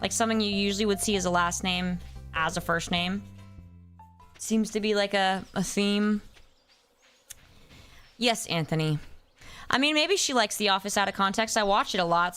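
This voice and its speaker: While gaming on a live stream, a young woman chats loosely, drifts off track, and replies to her chat by name, playfully humming nonsense as she goes. Her mid-range voice is smooth and a bit bright, at a moderate pace with frequent pauses, over soft background music.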